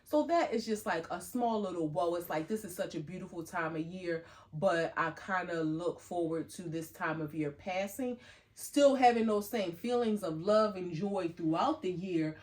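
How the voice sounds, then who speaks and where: A middle-aged woman co-hosting a podcast, chatting casually and acting out quoted lines in a lifted voice. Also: moderate pace. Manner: animated storyteller, acts out quotes in a higher voice. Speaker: podcast co-host. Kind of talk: casual chat.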